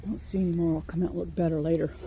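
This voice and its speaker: Mellow-voiced woman touring her garden. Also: on the low side, a little hiss or hum. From Virginia, USA. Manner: rambling, homespun, chatty. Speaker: farm vlogger. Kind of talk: casual garden tour. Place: outdoor vegetable garden.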